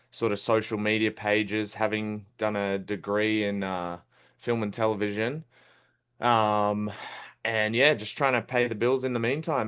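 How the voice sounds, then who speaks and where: Australian man, twenties, fairly low voice, friendly, rambling podcast guest. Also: fairly bright tone, clear, resonant tone. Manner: rambling, friendly, laughs easily. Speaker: guest, film critic. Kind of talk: casual podcast interview.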